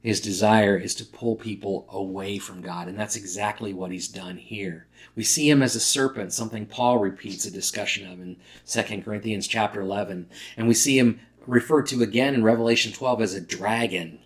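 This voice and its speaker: Man, pastor, sermon, fairly low pitch, conversational, emphatic. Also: normal speed, hardly any pauses. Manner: conversational, emphatic preaching with restarts.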